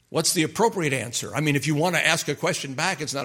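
Bright-voiced middle-aged male preacher. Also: on the high side, fast, hardly any pauses, husky. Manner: folksy, asks the listeners rhetorical questions. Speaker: pastor and marriage counselor. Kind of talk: conversational sermon.

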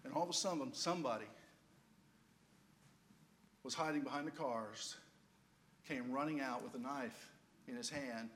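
A man's voice: mid-range voice, moderate pace, long pauses, fairly bright tone, a little hiss or hum. An older man preaching, telling a playful, humorous personal story as a storytelling sermon.

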